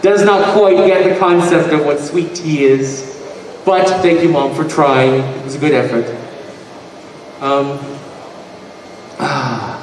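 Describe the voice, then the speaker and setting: A man's voice: on the high side, slow, pauses often, slight background noise. A man telling rambling stand-up stories on a convention panel, slipping into voices for the people in them. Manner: rambling anecdotes, mimics voices. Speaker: guest comedian telling stories. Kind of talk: stand-up storytelling. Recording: echoey hall from far off.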